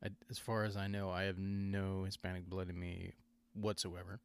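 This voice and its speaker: A man's voice: deep voice, flat delivery, moderate pace, smooth. A man hosting a podcast in casual chat, rambling and digressing, often correcting himself mid-sentence. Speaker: podcast host.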